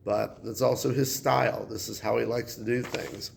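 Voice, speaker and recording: Male English teacher, deep fry in the voice, relaxed classroom explainer. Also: moderate pace, slight background noise. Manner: relaxed, conversational, with fillers. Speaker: high school English teacher.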